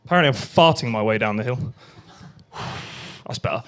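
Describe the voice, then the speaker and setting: A man's voice: mid-range voice, lively intonation, fairly quick. A young man performing a crude stand-up set at an open mic night, acting out voices and sounds. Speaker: stand-up comedian.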